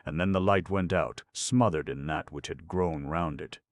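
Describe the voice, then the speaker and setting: A man narrating a ghost story in a measured, dramatic reading. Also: extremely low pitch, no echo, studio quality. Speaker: audiobook narrator.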